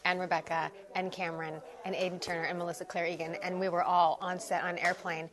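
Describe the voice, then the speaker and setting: A woman's voice: on the low side, level tone, quick pace, a crowd in the background. A woman, a guest actress, reminiscing in an interview with a giggly manner.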